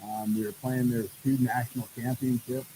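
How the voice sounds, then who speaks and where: A man, a head baseball coach guest on a podcast, telling stories in a lively way and acting out what people said. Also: medium pitch, fairly quick, a little hiss or hum, rough recording. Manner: animated storyteller, acts out quoted dialogue. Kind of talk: casual podcast storytelling.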